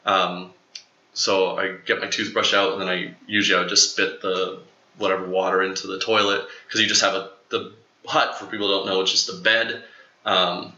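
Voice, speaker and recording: A young man telling a long story in casual chat, rambling, with many fillers and quoted lines acted out in a higher voice. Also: level tone, normal speed, pushed and bright, roomy sound, muffled recording.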